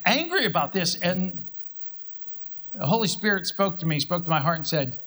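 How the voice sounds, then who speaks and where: A middle-aged man preaching from the pulpit, his voice pitched high with a bright, sharp edge. He talks to the congregation in a loose, conversational way and acts out his own thoughts as he goes. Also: lively intonation, normal speed. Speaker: pastor. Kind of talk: sermon.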